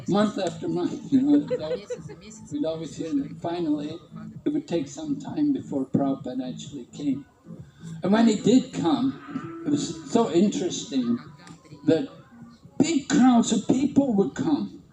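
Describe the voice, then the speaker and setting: A man's voice: high-pitched, very animated, unhurried, echoey room, a crowd in the background, poor audio. A man casually reminiscing about his early temple days, often chuckling. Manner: warm-humored, chuckling, imitates others. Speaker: devotee reminiscing.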